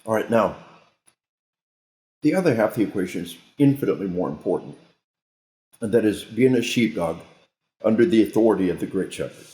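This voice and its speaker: Male guest trainer, sermon-like and emphatic, low and mellow, echoey recording. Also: animated, a little fast, pauses often. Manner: emphatic, sermon-like, with repeated restarts. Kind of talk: interview talk, preachy storytelling. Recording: roomy echo.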